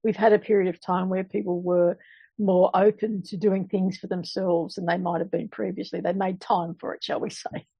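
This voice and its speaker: A woman hosting a podcast interview, speaking in a measured way and framing long, careful questions. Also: lowish voice, flat delivery, vocal fry, slightly rough, no room sound, lo-fi sound. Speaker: podcast host.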